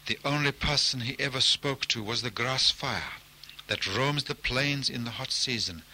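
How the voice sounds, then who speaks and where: A man narrating a folk tale in a measured, deliberate storytelling style. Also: mid-range voice, pushed and bright, slight background noise, rough recording.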